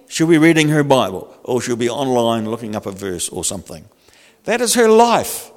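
An older man preaching a sermon in a lively, humorous, conversational way. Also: a little high, normal speed, big-room sound. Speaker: pastor.

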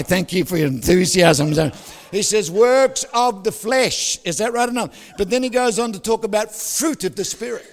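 An older man preaches in a high voice, joking and telling stories, and now and then he bursts out loudly. His voice carries a long reverb from a big hall. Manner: jokey, storytelling, with sudden loud outbursts. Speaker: pastor. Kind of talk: sermon.

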